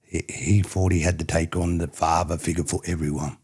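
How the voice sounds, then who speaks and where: A middle-aged man with an Australian accent, his voice low, dark and husky. He tells stories in a loose, rambling way and keeps circling back with "you know what I mean". It sounds like a relaxed podcast conversation. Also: a little fast. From country New South Wales, Australia. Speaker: podcast guest, former rugby player. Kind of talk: casual reflective storytelling.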